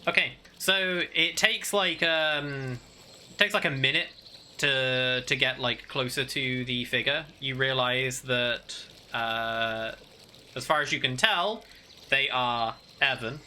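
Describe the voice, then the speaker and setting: A man runs a tabletop game as dungeon master, narrating slowly with a lot of hesitant fillers. His tone is very bright and clear-edged, with faint fantasy ambience under the voice. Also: medium pitch, a little hiss or hum. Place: home setup with fantasy ambience playing.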